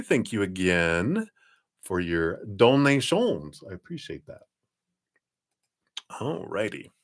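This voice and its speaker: A man's voice: lowish voice, no room sound, studio quality. A man giving live-stream tarot readings, chatty and upbeat, rambling from card to card. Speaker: tarot reader.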